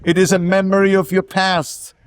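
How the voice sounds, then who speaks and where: A man's voice: high voice, flat delivery, moderate pace, a little hiss or hum. An older man with a German accent, a native German speaker, giving an emphatic ceremonial speech with self-mocking humor. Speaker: guest speaker. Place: outdoor ceremony.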